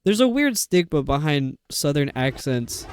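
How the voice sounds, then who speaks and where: A man's voice: fairly high pitch, very animated, unhurried, clean tone. A young adult man streaming a game, chatting in a rambling, casual way with lots of fillers. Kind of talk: casual chat while playing a game.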